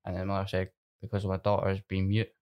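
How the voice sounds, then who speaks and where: A Scottish man retelling a story in a casual chat, soft-spoken and a little halting. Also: low-pitched, completely flat delivery, highs cut off.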